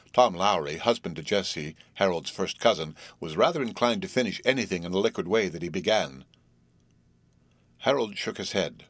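A man reading a story aloud in a steady, measured narration. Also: deep voice, dry recording. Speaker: audiobook narrator. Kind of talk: scripted narration.

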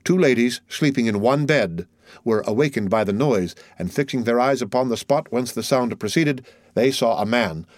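A man's voice: mid-range voice, normal speed, dry recording. Man narrating a classic novel. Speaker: audiobook narrator. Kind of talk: scripted narration.

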